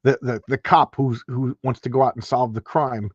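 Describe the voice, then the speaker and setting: A man's voice: mid-range voice, fairly even intonation, moderate pace, husky, no echo, highs cut off. A man hosting a casual comic book review, talking in a rambling, enthusiastic way with many restarts and asides. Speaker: comic book show host.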